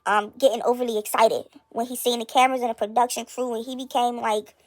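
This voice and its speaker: A woman's voice: on the high side, fairly even intonation, fast talker, darkish tone. A woman hosting a casual gossip commentary, recapping events in a chatty, incredulous way.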